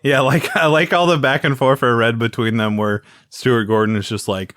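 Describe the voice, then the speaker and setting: A man co-hosting a podcast, retelling a film plot with lots of quick put-on voices and laughs. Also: medium pitch, smooth, dry recording, clean studio sound. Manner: animated retelling, acts out characters in quick impressions. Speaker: podcast co-host. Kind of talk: casual movie review chat.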